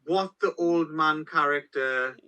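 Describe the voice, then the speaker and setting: A man with a very bright, fairly high voice co-hosting a film podcast. He talks in animated runs and keeps checking in with "right?". His chat is loose and conversational. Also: takes it slowly, lo-fi sound. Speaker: podcast co-host. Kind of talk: casual chat.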